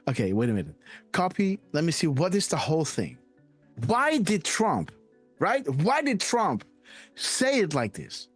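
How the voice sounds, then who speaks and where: A man hosting a live online show in a casual, excitable way, often laughing and checking in with his listeners. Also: fairly high pitch, measured pace, husky, faint music behind. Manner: excitable, repeats "guys" and "right?", laughs often. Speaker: livestream host.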